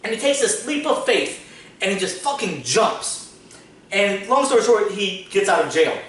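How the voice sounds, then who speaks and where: Hosting his business podcast, a business-owner man with a high, somewhat bright voice tells long, rambling stories at a moderate pace, very animated, peppered with "like" and an occasional curse. It's recorded in an echoey room on a distant mic with faint background noise.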